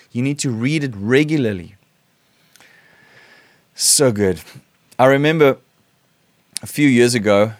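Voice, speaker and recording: A middle-aged man preaching a sermon, reading scripture slowly with rising emphasis and then talking about it in a relaxed, conversational way. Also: mid-range voice, dry recording.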